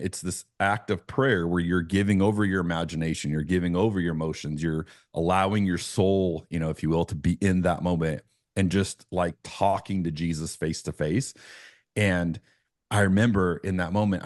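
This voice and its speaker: Low-voiced earnest pastor telling a story. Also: male voice, a little mellow, no echo, clean studio sound. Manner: earnest storytelling with frequent restarts. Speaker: pastor, guest. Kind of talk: conversational podcast interview.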